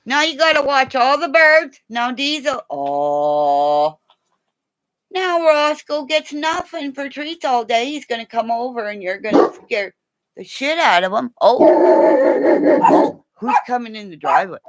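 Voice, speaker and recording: A woman's voice: on the high side, sing-song, unhurried, a bit bright. A woman in a rambling, profane casual chat, talking to her pets between asides. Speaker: vlogger.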